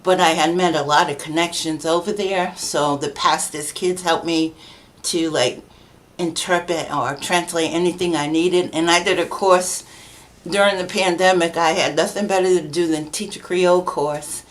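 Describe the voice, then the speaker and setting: Middle-aged woman, low voice, chatty storyteller who laughs a lot and plays out the voices of people she quotes; a podcast guest. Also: fairly even intonation, normal speed. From New Bedford, Massachusetts, USA. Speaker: guest, children's book author. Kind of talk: casual conversational storytelling.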